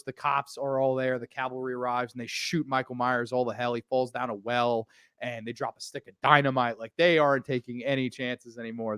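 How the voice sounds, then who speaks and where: A man hosting a casual podcast chat, gushing with excitement and swearing freely. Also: medium pitch, smooth, no echo, studio quality. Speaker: podcast host.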